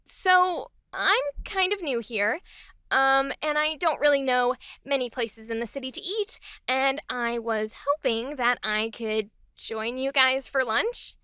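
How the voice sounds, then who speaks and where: A woman's voice: sits high, slow, pushed and bright, clean tone, no room sound, studio quality, full character voice. Woman voicing a bubbly, clueless office newbie girl. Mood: cheerful. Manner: bubbly, apologetic, a bit clueless. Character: eager, ditzy young woman office newbie.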